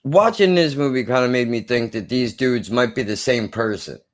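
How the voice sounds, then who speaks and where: A man's voice: medium pitch, expressive, normal speed. A man co-hosting a casual film review, talking in an earnest, impassioned way and swearing for emphasis.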